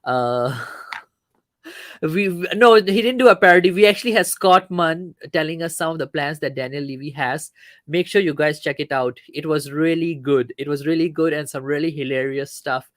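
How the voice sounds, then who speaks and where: A man's voice: on the high side, moderate pace, fairly bright tone, dry recording. A man from Malaysia hosting a casual live-stream football talk show, chatting and reading out viewer comments. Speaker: show host.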